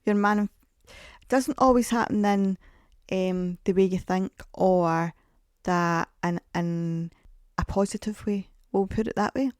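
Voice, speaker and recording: A woman's voice: medium pitch, steady tone, a little slow, no echo, clean studio sound. A woman in her forties hosting a podcast, telling chatty, rambling, self-mocking stories. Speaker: podcast host. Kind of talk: casual podcast monologue.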